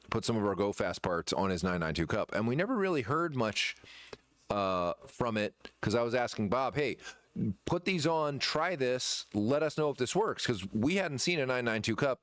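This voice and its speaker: Man chatting casually, halting and rambling. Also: fairly low pitch, no echo. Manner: rambling, halting with many fillers and restarts. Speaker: shop owner presenting merchandise. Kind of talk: casual chat.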